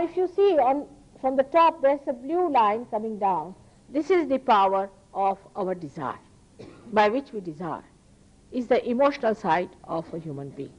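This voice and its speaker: A woman from India with an Indian accent, giving an earnest, emphatic spiritual lecture as a teacher to an audience, with pauses and restarts. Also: medium pitch, low-quality recording.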